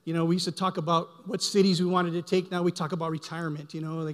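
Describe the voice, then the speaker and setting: A middle-aged man giving a heartfelt, halting church testimony, often repeating words as he speaks. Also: high voice, little pitch movement. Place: church sanctuary. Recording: long hall reverb.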